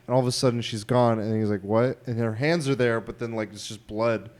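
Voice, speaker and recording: A man's voice: medium pitch, fairly even intonation, a little fast, darkish tone. A man co-hosting a podcast in casual chat, rambling and retelling scenes with quoted voices. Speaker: podcast co-host.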